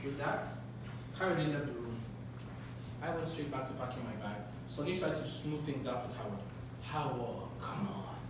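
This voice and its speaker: A man narrating his own story on a theatre stage in a wry, measured manner. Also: medium pitch, background noise. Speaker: solo performer narrating. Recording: echoey theatre from far off.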